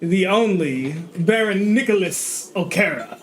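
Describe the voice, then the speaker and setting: A male game master narrates a tabletop session in a chatty, animated way. His pitch moves in lively swings, and he laughs often between descriptions. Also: measured pace, noisy background.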